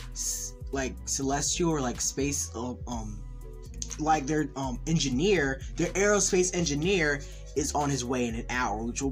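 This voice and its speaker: A man casually recapping and reviewing a TV episode, rambling with lots of "like" and excited fan enthusiasm. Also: mid-range voice. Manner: rambling, heavy use of "like". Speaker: TV series reviewer.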